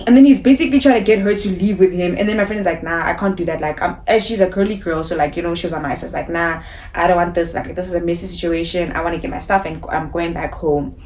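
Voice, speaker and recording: A young woman from South Africa telling a storytime vlog in an animated, indignant way, acting out the other people's lines as she goes. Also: lowish voice, fast. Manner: animated, indignant retelling with quoted dialogue. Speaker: vlogger.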